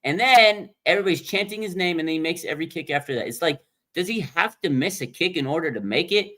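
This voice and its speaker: Blunt, animated man on a fan livestream. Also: a little high, fast talker. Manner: animated, blunt, reads viewer comments. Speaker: livestream host. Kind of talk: casual fan commentary.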